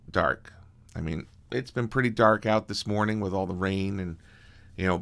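Male pastor, low gravelly voice, earnest conversational sermon delivery. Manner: earnest preaching, soft-spoken prayer with fillers.

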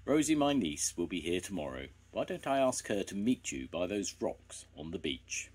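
A man's voice: sits low, sing-song, normal speed, darkish tone, husky, heavily acted. An older man voicing a kindly, hearty old sea captain in a storybook reading. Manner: hearty, sailor talk.

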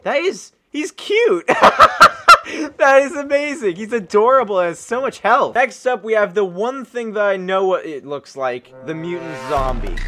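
A man hosting a gaming channel, giving excited gameplay commentary that breaks into shrieks, gasps and laughs. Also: sits high. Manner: animated and exclamatory.

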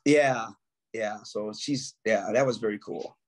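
A man's voice: lowish voice, measured pace. A man, a guest musician, telling stories in casual talk and acting out quotes with a raised voice. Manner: animated, acts out quotes in raised voice. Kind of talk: casual storytelling.

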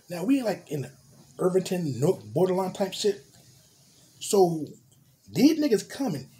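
A man's voice: high-pitched, very animated, a little slow, long pauses, warm tone. A young man with a New Jersey accent telling a street story, full of slang and acting out engines, screeching tires and horns with his voice. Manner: vivid street slang, mimics cars and horns. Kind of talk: animated storytime with sound effects.

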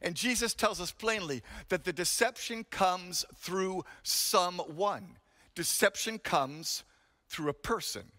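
Emphatic high-voiced male preacher. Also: lively intonation, slow, pushed and bright, big-room sound. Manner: dramatic, emphatic preaching with storytelling. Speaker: pastor. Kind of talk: sermon.

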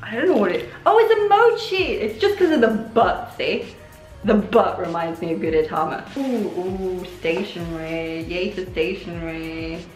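A young woman vlogger chatting excitedly while unboxing gifts, gushing often, her voice a little hoarse. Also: lowish voice, moderate pace, echoey room, faint music behind. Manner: excitable, gushing, many oh my gods. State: voice going hoarse. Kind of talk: casual unboxing chat.

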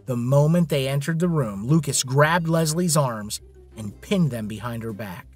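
A man's voice: mid-range voice, normal speed, slightly rough, soft background music. A man narrating a scripted drama story in a dramatic storytelling manner.

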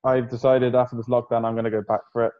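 A man's voice: medium pitch, flat delivery, quick pace, narrow, tinny audio. A young man chatting casually on a podcast, rambling loosely and swearing freely. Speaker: podcast host, fitness coach. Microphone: video call.

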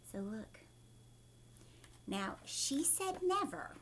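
A woman teacher reading a children's book aloud, animated and asking her young listeners questions. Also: high voice, unhurried. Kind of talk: read-aloud storytime for children.

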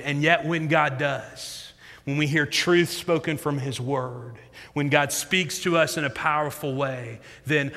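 A man in his thirties preaching a sermon as a pastor, telling stories in an animated way that moves between loud emphasis and quiet reflection. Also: mid-range voice, measured pace. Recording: long hall reverb.

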